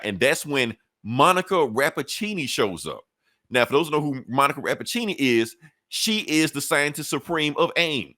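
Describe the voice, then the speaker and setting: A man's voice: medium pitch, moderate pace, dry recording, clean studio sound. A man retelling a comic book story in casual chat, acting out the characters' lines with lots of swearing and laughter. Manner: animated, acts out characters' lines, profane, laughs often.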